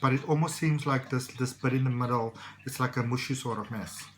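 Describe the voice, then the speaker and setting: A man's voice: medium pitch, fairly even intonation, a little fast, heavy background noise. Rambling male tarot reader. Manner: rambling, reassuring, many fillers. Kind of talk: casual tarot reading.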